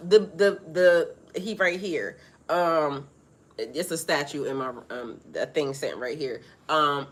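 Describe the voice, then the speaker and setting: A woman giving a casual spiritual monologue to her viewers, profane and animated, laughing often. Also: medium pitch. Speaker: spiritual reader.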